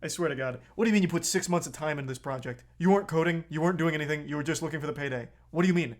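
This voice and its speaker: A man reacting live to a video, talking bluntly and swearing freely. His voice sits a little high for a man, and his commentary runs casual and unscripted, turning heated at times. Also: very fast. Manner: blunt, profane, gets heated.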